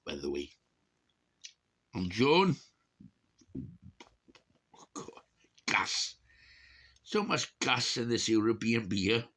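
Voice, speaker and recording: A man's voice: deep voice, vocal fry, sharp tone, breathy edge. A man in his sixties talks in a rambling, casual vlog monologue, chuckling and cursing, his speech slightly unclear from missing teeth. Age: 60s. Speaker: vlogger.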